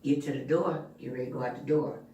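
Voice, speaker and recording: This channel host talks quickly in a bass, dark-toned voice, sharing a personal story frankly and profanely. The room echoes, she sits far from the mic, and there's slight background noise.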